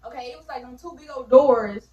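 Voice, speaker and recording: A woman's voice: sits high, a little fast, darkish tone, highs cut off. A young woman casually telling her birth story to viewers, chatty, with lots of fillers, calling them y'all. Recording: roomy, distant mic.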